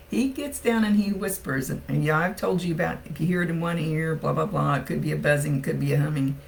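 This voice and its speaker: A woman's voice: sits low, a little fast, vocal fry, a little hiss or hum, low-quality recording. A woman psychic medium chatting casually through a reading, laughing often as she relays messages.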